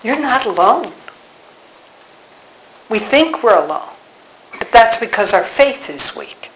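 An older woman, a religious sister, teaching on scripture in an earnest, unhurried way, reading verses slowly and dwelling on key words. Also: on the high side, expressive, fairly bright tone, reverberant, slight background noise, rough recording. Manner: reads scripture slowly, then speaks with earnest conviction.

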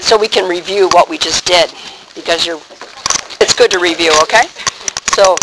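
A woman's voice: lowish voice, normal speed. A woman giving an informal retreat talk to a live group, chatty and conversational, acting out little scenes for her listeners. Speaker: retreat speaker. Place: meeting room with a live group. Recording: noisy room recording.

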